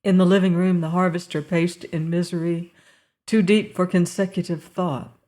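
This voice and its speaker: A woman narrating a novel aloud in a calm, measured storytelling manner. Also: on the low side. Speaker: audiobook narrator. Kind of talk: scripted narration.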